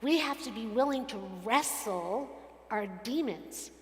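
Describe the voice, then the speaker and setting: A woman delivers a sermon, weaving everyday anecdotes into her message and acting out the people she quotes. Her voice sits a little high. The recording carries the long, roomy echo of a large sanctuary. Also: a little slow. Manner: animated storytelling, acts out quotes. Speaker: rabbi. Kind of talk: sermon with personal stories. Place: synagogue sanctuary. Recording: echoey hall from a distance.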